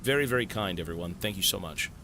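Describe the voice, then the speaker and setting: A man talking to his stream viewers in a bright, forceful, animated voice. He is excitable and swears freely, breaking into surprised shouts. A faint rumble sits under the home desk recording. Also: fast talker. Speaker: Twitch streamer. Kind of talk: live stream chat with viewers.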